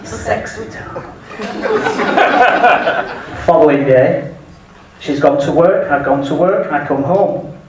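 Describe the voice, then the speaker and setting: A man's voice: a little high, measured pace, a little mellow. A man from northern England doing a stand-up comedy set, firing off bawdy one-liners and laughing along with the jokes. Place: comedy club stage. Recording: echoey club from far off with audience.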